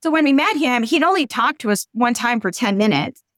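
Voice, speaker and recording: A middle-aged woman talking frankly and earnestly as a guest on a podcast interview, going on at length and rising high when exasperated. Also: lively intonation, fairly quick, fairly bright tone, dry recording.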